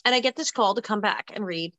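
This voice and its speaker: An older woman, an actress, telling a lively story about her early career in an interview, full of quick asides and acting out the people she talks about. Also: medium pitch, no echo, poor audio. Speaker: actress guest. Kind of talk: animated anecdote telling.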